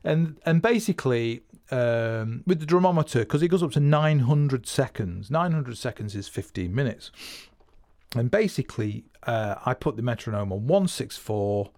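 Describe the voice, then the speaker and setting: A man's voice: mid-range voice, expressive, normal speed, darkish tone, no echo, clean studio sound. A man hosting a casual spoken drumming lesson, rambling and correcting himself as he explains. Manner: rambling, restarts phrases and self-corrects; counts beats and vocalizes drum patterns. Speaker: drum teacher and podcast host.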